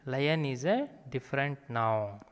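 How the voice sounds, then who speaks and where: Man, teacher, children's grammar lesson, smooth resonant voice, echoey room. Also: medium pitch, sing-song. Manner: slow, deliberate, spells words out letter by letter. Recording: echoey room with long reverb.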